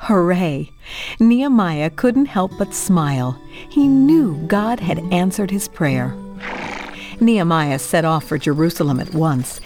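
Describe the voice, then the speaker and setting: A woman narrating a children's Bible storybook in a cheerful, expressive way, speaking to young listeners. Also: fairly low pitch, measured pace, faint music behind.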